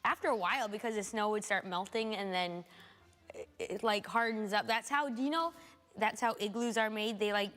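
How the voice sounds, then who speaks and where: A woman's voice: mid-range voice, normal speed, a bit bright. A woman from Alaska chatting as a talk show guest, rambling with many "like" fillers. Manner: chatty, lots of "like" fillers, giggly. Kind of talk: casual chat. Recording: reverberant studio hall.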